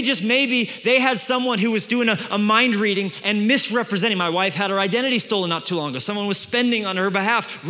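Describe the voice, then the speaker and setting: Emphatic high-voiced preacher in a reverberant hall. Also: male voice. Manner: emphatic preacher, swings from hushed to booming. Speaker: pastor. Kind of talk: sermon. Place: large church hall.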